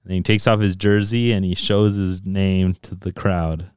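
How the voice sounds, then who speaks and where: A man co-hosting a soccer podcast in casual, animated chat, swearing freely and switching into Spanish. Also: low voice, normal speed, smooth, dry recording, studio quality.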